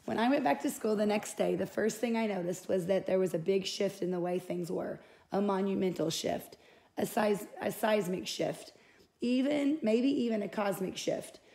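A woman's voice: mid-range voice, moderate pace, creaky, mellow. A woman reading a first-person novel aloud in an unpolished way, with small slips and self-corrections. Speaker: audiobook reader.

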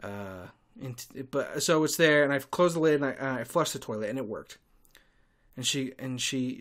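A man hosting a podcast, telling stories in a sarcastic, irritable monologue with sudden loud outbursts. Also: medium pitch. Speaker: podcast host and tour guide. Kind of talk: casual ranting monologue.

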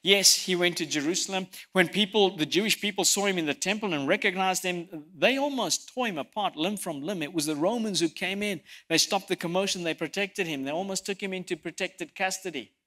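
A man preaching a sermon, telling stories and swinging from loud emphasis to soft, quiet lines, sometimes repeating words as he presses a point. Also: sits high, a little fast, few pauses. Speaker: pastor.

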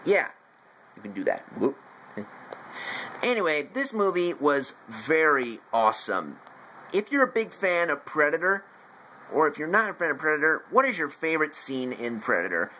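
Guy rambling through a movie review on camera, bright voice that jumps all over, keeps correcting himself. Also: fairly high pitch, big pitch swings, normal speed, a little hiss or hum, rough recording. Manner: rambling, loses his thread and corrects himself; eager fan showing off collectible figures. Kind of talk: casual home video review.

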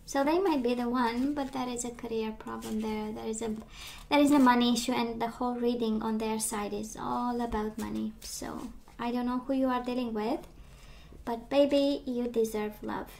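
A woman losing her voice gives a gentle, reassuring tarot reading, talking with many fillers. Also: a little high, steady tone, moderate pace, vocal fry. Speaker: tarot reader.

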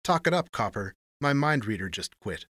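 A man's voice: fairly low pitch, sing-song, moderate pace, a bit bright, no echo, studio quality. A man voicing a wary, sardonic gangster in an audiobook, with clipped, snarling tough-guy talk. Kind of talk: audiobook reading.

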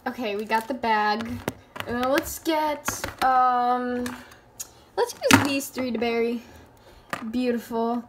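A woman's voice: fairly high pitch, steady tone, slow pace, very noisy. A woman narrating a playful toy skit in a silly, joking way. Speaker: toy video maker.

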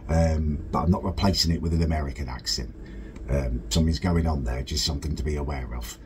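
A man's voice: quick pace, darkish tone, a little hiss or hum. A man from northern England hosting a comedic reaction video, mock-pompous and indignant. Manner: mock-pompous, indignant, wildly swinging pitch. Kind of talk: comedic reaction commentary in character.

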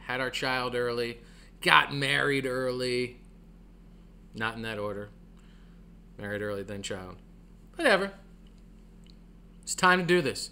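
A man's voice: takes it slowly, long pauses. A man telling a comic personal story at home, acting out the other people in it with big jumps in his voice. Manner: animated, acts out other people's lines with big pitch jumps. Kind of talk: comedic storytelling monologue. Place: home, by the front door. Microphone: camera at home.

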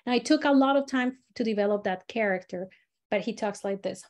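A woman's voice: fairly high pitch, fairly quick, a little mellow. A woman leading a storytelling workshop who talks in a chatty way, often restarting her sentences and acting out examples. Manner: chatty, many fillers and restarts, acts out examples. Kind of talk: casual teaching talk.

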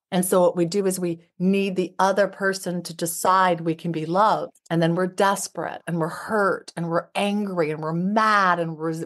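A woman's voice: fairly low pitch, a bit bright. A middle-aged woman, a relationship expert and author, speaking heartfelt and emphatic as a podcast guest. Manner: heartfelt, emphatic, repetitive phrasing. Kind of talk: podcast interview.

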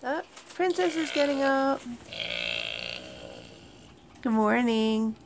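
High, gravelly-voiced woman cooing to pets. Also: slow pace, a little hiss or hum. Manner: coos to her animals in a soft, doting voice. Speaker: pet owner vlogger. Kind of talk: casual talk to pets and viewers. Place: at home indoors, early morning.

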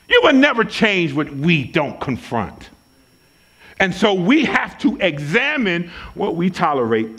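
Guy preaching in church, high voice swinging all over, emphatic, repeats himself for punch, folksy. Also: a bit bright, slightly rough. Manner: conversational, folksy asides. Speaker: pastor. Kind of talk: sermon. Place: church service.

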